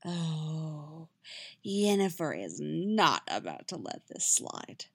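A woman narrating a fan fiction story with expressive storytelling. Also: low-pitched, takes it slowly, husky, no room sound, studio quality.

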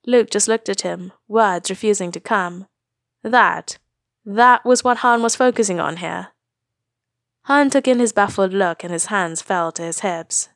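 A woman narrating a fan fiction story aloud, reading in a brisk, expressive way. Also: medium pitch, no room sound, clean studio sound.

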